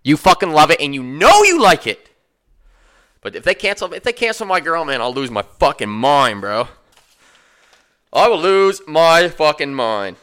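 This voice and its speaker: A young man hosts a podcast in loose, swaggering talk, cursing freely. His voice sits a little high and swings widely in pitch. The tone is bright and forceful. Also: normal speed. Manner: profane, swaggering, animated. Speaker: podcast host. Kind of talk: casual storytelling.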